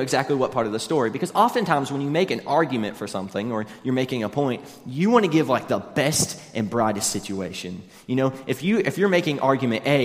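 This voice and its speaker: A man preaching a sermon as pastor, earnest and conversational, addressing wives directly, recorded in a large hall with long reverb. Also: mid-range voice.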